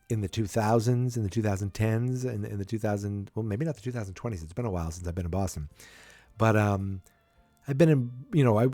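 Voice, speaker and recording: A man's voice: lowish voice, a little mellow, no echo. A man hosting a podcast, casually recapping a TV episode with a rambling manner full of restarts and fillers. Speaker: podcast host.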